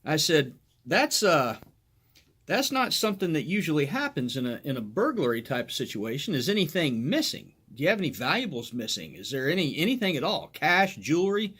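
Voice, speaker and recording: A man's voice: fairly high pitch, very animated, fairly quick, a bit bright, slightly rough. A middle-aged man, a former police officer, telling a crude, funny anecdote in a casual way and often laughing as he goes.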